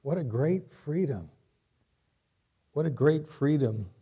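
A man's voice: fairly high pitch, lively intonation, slow pace, dark tone, breathy edge. A man preaching a sermon as pastor, asking rhetorical questions and repeating his key lines.

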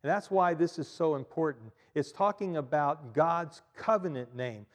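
A man preaching in a church, his voice sitting a little higher than most men's. His delivery is animated: he repeats and stresses key points and fills pauses with frequent fillers. A long hall reverb trails after his words. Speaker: pastor. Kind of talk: sermon.

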